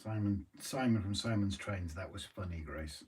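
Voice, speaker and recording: A man's voice: low-pitched, moderate pace, few pauses, husky, far from the mic. A man chatting casually on a live stream, teasing his partner with playful banter. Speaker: streamer co-host.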